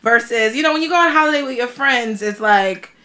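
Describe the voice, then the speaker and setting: Bright-voiced chatty woman podcast host. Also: on the high side, a little fast. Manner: chatty, animated, exclaims often. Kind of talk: casual chat.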